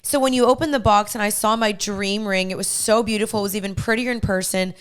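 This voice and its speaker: A woman's voice: mid-range voice, fairly even intonation, quick pace, clean tone. A young woman in her twenties, hosting a podcast and gushing with emotion as she tells a personal story in casual chat. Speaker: podcast host.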